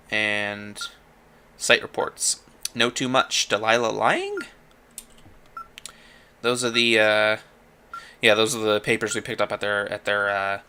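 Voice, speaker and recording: A man casually commenting while playing a game, thinking out loud with chatty asides. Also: on the low side, slight background noise. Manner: chatty, thinking aloud with fillers and laughs. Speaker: let's play host.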